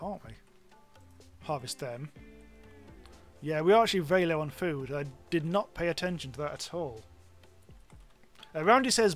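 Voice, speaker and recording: A British man giving rambling, casual commentary on a live game stream, swearing freely. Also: a little high.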